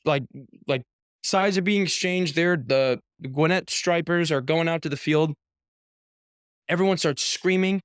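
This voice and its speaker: Animated young man telling a story. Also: fairly high pitch, a little slow, clean tone, no echo, clean studio sound. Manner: animated storyteller, heavy use of "like", acts out quotes. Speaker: professional baseball pitcher, guest. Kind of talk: casual storytelling interview.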